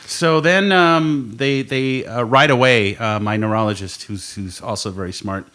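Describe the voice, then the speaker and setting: A man co-hosting a podcast from a studio spins a lengthy story in relaxed conversation, cursing and laughing as he talks. He has a mid-range, sharp-toned voice and speaks a little slowly.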